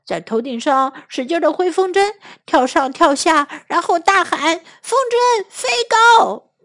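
A woman voicing a patient male frog in a bilingual children's storybook reading, calmly coaxing his friend to try again. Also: extremely high pitch, a little slow, pitched above the performer's own voice, exaggerated voice. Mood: encouraging. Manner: calm, coaxing.

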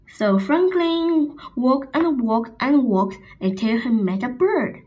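A woman reading a picture book aloud to children in a gentle storytelling manner. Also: a little high, lively intonation, takes it slowly, hardly any pauses, poor audio.

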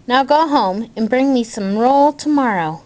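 A stern duke roars his commands in a storybook read-aloud, voiced by a woman. The voice sits high and moves slowly and deliberately. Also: animated, a little mellow, dull audio. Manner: roaring, stern. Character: angry, commanding male duke.

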